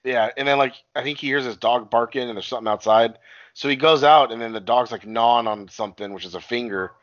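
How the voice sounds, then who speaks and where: Recapping a movie on a podcast, a male co-host retells the plot in casual chat, rambling, swearing a lot and acting out quotes. His mid-range voice is quick and fairly bright, and the audio is dull with no echo.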